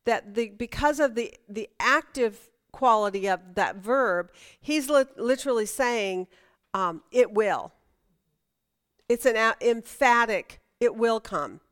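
Smooth-voiced woman teaching Bible class. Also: fairly high pitch, a little slow, fairly bright tone. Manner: conversational, asks the class questions, restarts sentences. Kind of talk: Bible study lesson.

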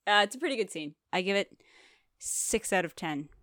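A woman co-hosting a casual podcast, chatting about a film with a wry, joking manner and lots of quick agreement. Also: medium pitch, expressive, fairly bright tone, no echo, studio quality. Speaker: podcast co-host. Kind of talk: casual movie recap chat.

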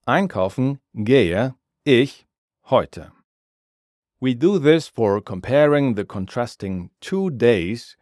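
A man narrates a scripted grammar lesson at an unhurried pace, spelling out each example and its translation. His voice sits low but moves up and down a lot. The sound is dry, with no room around it. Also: no echo. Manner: slow, measured, explains each word with its translation. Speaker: language teacher.

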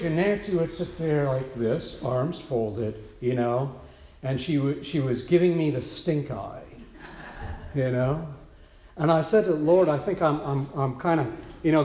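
A man's voice: high voice, reverberant. A man preaching a sermon as pastor, telling stories in a chatty way with many asides. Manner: conversational storytelling with many asides.

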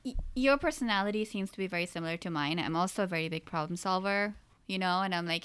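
Woman, slightly low pitch, smooth and clear voice, thoughtful and supportive in casual conversation. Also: fast, fairly bright tone.

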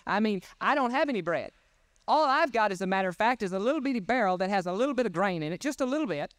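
Preacher putting on a poor widow woman, desperate, exasperated, clear high voice, dry sound. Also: lively intonation, fast talker, fairly bright tone, no echo.

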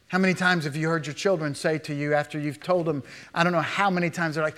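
A man preaching a sermon as a pastor, animated, with rhetorical questions to the congregation and quick asides acting out imagined speakers. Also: a little high. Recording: long hall reverb.

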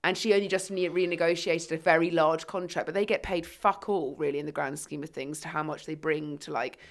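A woman co-hosting a fitness podcast, chatting casually in a sweary, sarcastic and animated way. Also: low voice, fairly quick. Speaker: podcast co-host, fitness coach. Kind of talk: casual chat.

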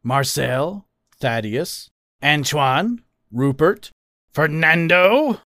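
A man voicing an older male fox father, teasing and mischievous with a slow drawl. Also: mid-range voice, big pitch swings, gravelly, no room sound, clean studio sound, full character voice. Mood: musing. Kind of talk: storybook character voice.

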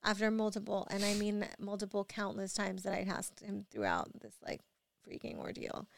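A young woman and mother telling a rambling, animated story full of fillers, sounding drowsy. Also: mid-range voice, moderate pace, gravelly, slight background noise. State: drowsy from allergy medicine. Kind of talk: casual storytelling vlog.

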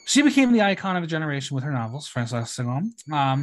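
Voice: medium pitch, very animated, fast talker, slight background noise. Wry, chatty podcast host. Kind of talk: casual recap chat.

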